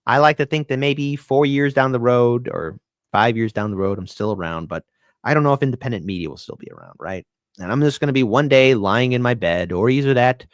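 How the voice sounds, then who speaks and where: A man hosting his own commentary show, talking earnestly and often circling back to repeat a phrase for weight. His voice sits at a middling pitch, and the sound is dry and close, with no room around it. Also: no room sound. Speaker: host. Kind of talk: casual solo commentary.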